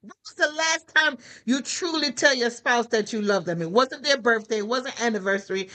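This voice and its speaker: A woman minister preaching to her listeners with lively exhortation and rhetorical questions. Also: on the high side, normal speed, rough recording. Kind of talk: preaching to a prayer call.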